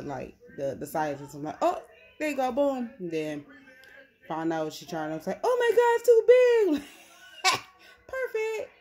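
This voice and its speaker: A young woman chatting casually to the camera in a vlog, with an animated, storytelling manner. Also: low voice. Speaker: vlogger.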